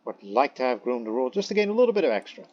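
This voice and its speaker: A man's voice: mid-range voice, sing-song, racing, darkish tone, muffled recording, a little hiss or hum. A man giving casual gameplay commentary, thinking aloud, muttering to himself and reading game text aloud. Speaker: let's play commentator.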